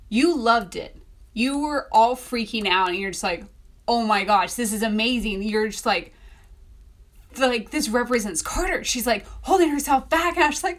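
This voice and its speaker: A young woman telling a story in a casual vlog, animated and acting out the voices she quotes. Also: a little high, moderate pace. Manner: animated, acts out quoted voices, laughs often. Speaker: author vlogger.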